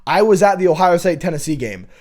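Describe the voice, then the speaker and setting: A man's voice: sits high, expressive, fast talker, darkish tone. Opinionated young man ranting casually. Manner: opinionated, rambling, frequent restarts and fillers. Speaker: college football show host.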